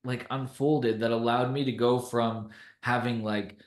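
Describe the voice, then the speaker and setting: A young man from Canada shares a personal story on a podcast, relaxed and conversational. He laughs easily and tells his story with lively energy. His voice sits at an ordinary pitch, and the room adds a noticeable echo. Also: measured pace. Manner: animated, laughs often while telling stories. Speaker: podcast guest. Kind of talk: casual storytelling interview.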